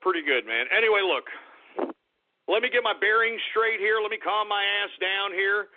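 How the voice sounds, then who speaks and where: A man's voice: sits high, normal speed. A man hosting a call-in radio show, boisterous and hollering with lots of laughter. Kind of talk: rowdy call-in radio banter. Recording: tinny phone-like audio, faint music.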